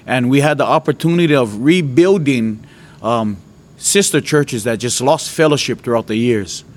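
Animated male preacher from Hawaii, laughing often. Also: moderate pace. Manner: animated storytelling, voice jumps high and loud when retelling his outbursts. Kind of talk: testimony to an audience.

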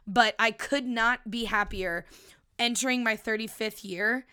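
A woman's voice: a little high, fairly even intonation, a little slow, bright, forceful tone, clear, resonant tone. A woman in her thirties hosting a solo podcast, chatting in a playful, casual way and swearing freely into a microphone. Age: 30s. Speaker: podcast host. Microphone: studio microphone.

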